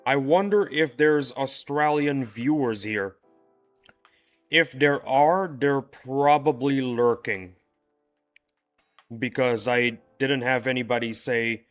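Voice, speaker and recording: A man's voice: mid-range voice, slow pace, faint music behind. Playful rambling male streamer. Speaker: game livestreamer. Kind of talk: casual chat with live viewers.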